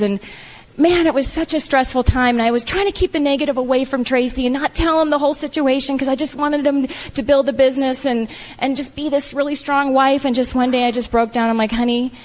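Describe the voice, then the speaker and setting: A middle-aged woman telling her personal story to an audience, animated and emphatic, acting out the lines she quotes. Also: high-pitched. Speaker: guest speaker. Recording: long hall reverb.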